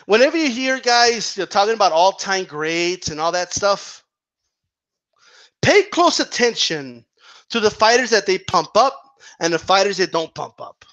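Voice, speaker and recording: A man's voice: high voice, lively intonation, moderate pace, fairly bright tone. A man ranting about boxing in a heated, casual monologue, swearing and repeating himself for emphasis. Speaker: boxing commentator.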